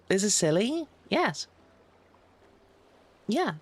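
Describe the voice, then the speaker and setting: A woman's voice: a little high, very animated, moderate pace. A woman with a British accent streaming a game live, chatty and playful as she thanks viewers. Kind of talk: live game stream, reading dialogue aloud.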